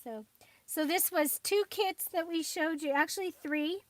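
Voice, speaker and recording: Speaking a little slowly in an extremely high voice, a woman hosting a crafting channel rambles through casual livestream chat, dropping in plenty of fillers and small laughs. There's no room sound.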